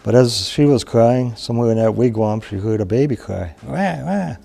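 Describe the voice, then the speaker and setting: A man from Wisconsin telling a traditional story in an unhurried, plain-spoken way, with pauses and restarts. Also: lowish voice, steady tone, gravelly, warm tone.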